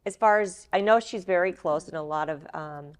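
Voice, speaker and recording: A woman's voice: lowish voice, normal speed. Encouraging woman talk show host. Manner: encouraging, prompting the guest. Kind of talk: interviewing a guest.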